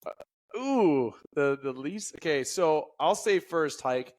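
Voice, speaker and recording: A man's voice: a little high, animated, slow pace, darkish tone. Chatty man who trips over his words. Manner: stumbling, self-correcting, chatty. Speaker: podcast co-host. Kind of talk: casual sports chat.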